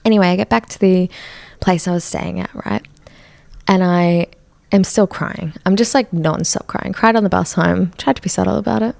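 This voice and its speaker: A young woman speaks in a gravelly voice, with plenty of vocal fry. She hosts a solo podcast and tells her story candidly, with a chatty, self-mocking tone. She is close on the mic in a dry, dead room. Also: on the low side, steady tone, normal speed, a little mellow, dry recording. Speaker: podcast host.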